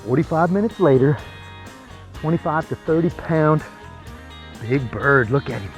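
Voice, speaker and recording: Excited man narrating an outdoor hunt. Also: a little high, measured pace, faint music behind. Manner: excited, at times hushed. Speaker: hunting show host. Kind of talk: outdoor hunting commentary. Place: outdoors in the field.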